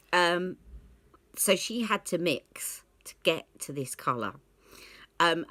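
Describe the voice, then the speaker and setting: A woman with a low, dry, close-sounding voice tells a personal story straight to camera. She is candid and reflective, and she slips into little acted snippets of the dialogue she remembers. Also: fairly bright tone, no room sound. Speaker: beauty vlogger.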